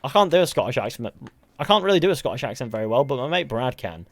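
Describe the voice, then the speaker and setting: A man's voice: mid-range voice, sing-song, quick pace, no room sound. A man with a mixed Mancunian, West Country and Southern English accent, rambling casually through a live stream and answering viewers from a room at home. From England.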